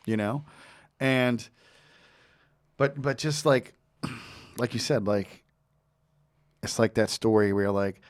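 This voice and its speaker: Podcast host guy, lowish voice, blunt, swears, lots of mm-hmms. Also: slow, long pauses. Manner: frank, swears, lots of short backchannel. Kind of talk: casual interview chat.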